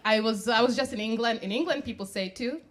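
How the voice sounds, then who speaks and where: A young woman from the Czech Republic with a Czech accent, performing a stand-up comedy set in a club, animated and laughing at her own jokes. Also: fairly high pitch, fast. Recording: live club recording, audience noise.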